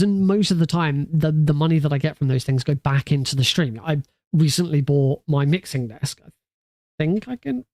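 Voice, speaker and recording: A streamer talks casually from his home setup into a mic run through a mixing desk. His voice sits a little higher than most men's and sounds dry and close. He rambles, doubling back and correcting himself as he goes. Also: darkish tone, no echo. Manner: rambling, loose and self-correcting. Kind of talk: casual livestream chat. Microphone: studio mic through a mixing desk.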